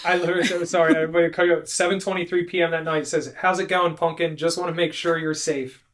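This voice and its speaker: A young man co-hosts a podcast in a casual chat, rambling and laughing while saying "dude" and "like" a lot. His voice sits a little high, with little pitch movement and a fairly bright tone, and he talks fast.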